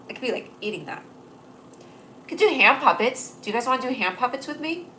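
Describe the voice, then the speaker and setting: A young woman livestream host does casual comedy right into a close-up webcam, her fairly high, bright, forceful voice taking on a sing-song lilt. She talks a little fast, rambling cheerfully and laughing at her own jokes. The recording carries a faint hiss.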